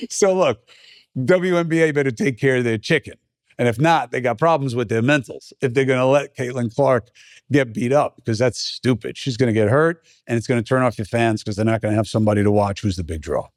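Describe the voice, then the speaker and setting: A middle-aged man talks straight into the mic in a blunt, emphatic podcast monologue. His pitch sits in an ordinary male middle range. The sound is close and dry, with no room around it. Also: fairly quick, dry recording. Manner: blunt, conversational, emphatic, swears. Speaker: podcast host. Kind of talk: opinion monologue.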